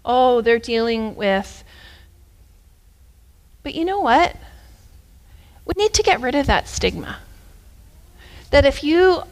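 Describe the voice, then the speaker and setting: A woman preacher giving a sermon as a story, talking in an animated, conversational way that swings between loud and hushed. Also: sits high, takes it slowly, long pauses.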